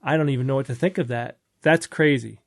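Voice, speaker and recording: Brief: male panelist, gravelly slightly high voice, dry sound, jokey and bemused. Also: brisk, no room sound. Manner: playful, mock-bewildered reading. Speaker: podcast panelist. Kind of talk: casual chat.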